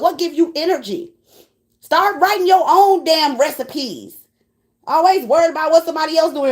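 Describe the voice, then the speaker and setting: High-voiced woman preaching bluntly. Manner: blunt, profane, preachy and animated. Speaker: tarot reader. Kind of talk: spiritual pep talk to viewers.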